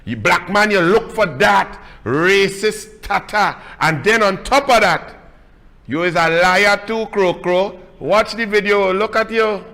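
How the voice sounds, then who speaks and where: Mocking Trinidadian man, high bright voice. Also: unhurried, in a large hall. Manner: mocking, emphatic, scolding. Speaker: political commentator host. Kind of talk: combative political monologue.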